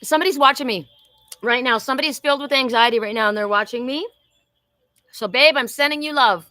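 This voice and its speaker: A woman's voice: sits high, quick pace, pushed and bright, no room sound. A woman in her sixties hosting a live oracle reading, chatting effusively and talking to viewers by name. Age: 60s. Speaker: host.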